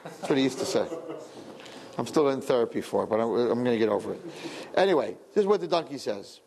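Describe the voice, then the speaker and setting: Animated husky male Torah teacher. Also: medium pitch, fast. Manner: animated, joking, asks the audience rhetorical questions. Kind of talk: lively Torah lesson with acted quotes.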